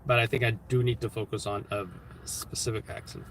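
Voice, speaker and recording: A man's voice: lowish voice, little pitch movement, brisk, a bit bright, slight background noise, low-quality recording. Rambling man chatting on a live stream. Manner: rambling, self-correcting, musing aloud. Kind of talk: casual chat while streaming. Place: street-level city live stream.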